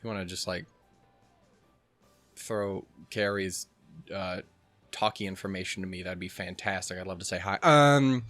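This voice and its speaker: A man hosting a let's play, chatting and reading in an excitable, jokey way with lots of swearing. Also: deep voice, unhurried, pauses often, no echo, soft background music. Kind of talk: casual let's play commentary.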